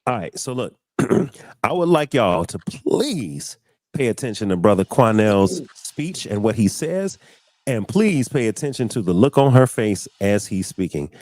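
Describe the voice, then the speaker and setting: A man hosting a casual livestream chat, informal and animated. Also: fairly low pitch, a little slow, no echo. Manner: animated, laughing easily, informal. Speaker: livestream host.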